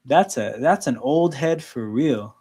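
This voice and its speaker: A Canadian host with a mellow, husky mid-range voice runs a casual sports watchalong livestream, speaking slowly but with animation. His talk is loose and conversational, sprinkled often with "like" and "right?"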